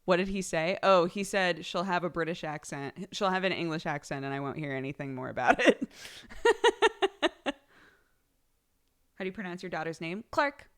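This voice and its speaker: A chatty woman streaming live, with a slightly low voice. She talks casually and giggles often between her words. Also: big pitch swings, normal speed, long pauses. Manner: reads out subscriber thank-yous.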